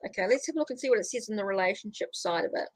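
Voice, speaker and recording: A woman's voice: medium pitch, rapid-fire, breathy edge, dry recording. Chatty New Zealand woman reading tarot. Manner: chatty, thinks aloud while drawing cards. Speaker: tarot reader. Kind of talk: casual livestream tarot reading.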